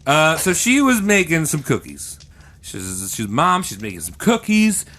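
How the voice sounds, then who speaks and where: A man's voice: on the high side, a little slow, a little hiss or hum. A man co-hosting a comedy podcast, telling an improvised, rambling story in a playful way. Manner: rambling, animated, playful with silly voices. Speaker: podcast co-host.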